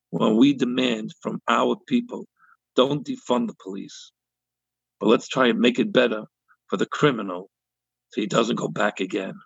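Gravelly, husky rabbi host telling a story. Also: male voice, medium pitch, no echo, dull audio. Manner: animated, emphatic storyteller. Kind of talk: monologue commentary with anecdote.

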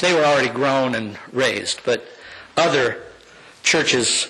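An older man, a pastor, giving a heartfelt personal testimony to his congregation with slow, emphatic phrases. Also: medium pitch, expressive, pushed and bright, rough recording.

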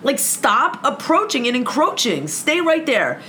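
Telling a story as a guest, a woman recounts a confrontation in relaxed conversation, her high, bright, forward voice swinging widely in pitch while she keeps a measured pace. Heated and full of energy, she curses constantly and plays out both sides of the fight. There's a faint hum of background noise.

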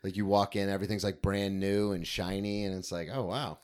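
A man's voice: deep voice, steady tone, fairly quick, clear, resonant tone. A man hosting a podcast, chatting casually and joking with his guest. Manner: chatty, swearing, joking interjections. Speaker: podcast host. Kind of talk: casual interview chat.

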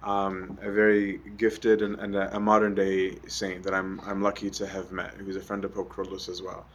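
A man's voice: sits low, monotone, moderate pace, a bit bright, lo-fi sound, a little hiss or hum. A young adult man giving a conversational sermon, often asking "right?" with many ums. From Egypt. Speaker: preacher.

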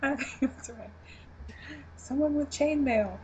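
A woman co-hosting a casual TV recap chat, giggling often and pausing with ums and restarts. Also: high-pitched, a little mellow, slight background noise, rough recording. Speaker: podcast co-host.

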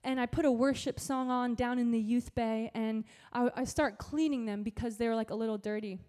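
High-voiced young woman preaching. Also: fairly quick. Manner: animated storytelling, casual slang. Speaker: youth pastor. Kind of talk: sermon.

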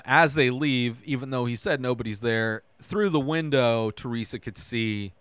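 A man's voice: medium pitch, a bit bright, clear, resonant tone, no room sound. A man hosting a podcast, casually retelling a TV episode scene by scene, tossing in "right?" and loose quoted dialogue. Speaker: podcast host recapping a TV episode. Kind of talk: casual recap.

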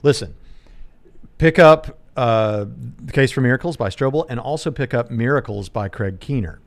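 A man in his forties hosting a livestream debate discussion, talking quickly with many fillers and restarts. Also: lowish voice, no echo. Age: 40s. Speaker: host.

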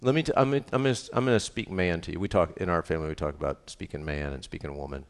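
Pastor, middle-aged man, low voice, emphatic with jokes, repeats key lines. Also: quick pace. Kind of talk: sermon.

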